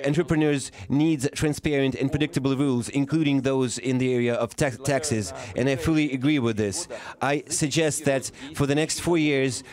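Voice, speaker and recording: A man giving a live interpretation of a formal speech, halting and often pausing to correct himself. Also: mid-range voice. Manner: halting, with frequent pauses and self-corrections. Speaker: simultaneous interpreter.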